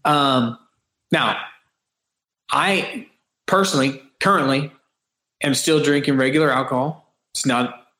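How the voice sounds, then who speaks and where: Man, podcast guest, earnest and reflective, mid-pitched voice, echoey room. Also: measured pace, long pauses, sharp tone. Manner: earnest, reflective, talks in long runs with restarts. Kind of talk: casual interview chat. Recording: roomy echo.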